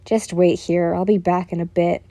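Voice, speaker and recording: A woman's voice: fairly low pitch, little pitch movement, normal speed, dry recording, pitched below the performer's own voice, close to an everyday voice. A woman voicing a hot-tempered teenage boy hero student who grumbles and snaps insults. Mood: grumbling. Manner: gruff, grumbling, yells insults.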